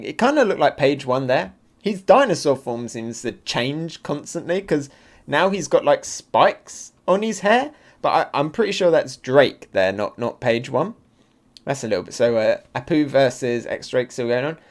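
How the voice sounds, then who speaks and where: A man reviews a new comic chapter live. He is excitable and thinks out loud. His pitch jumps up in the excited bits and drops low when he mulls things over. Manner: excitable, thinks aloud, frequent fillers. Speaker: manga reaction channel host.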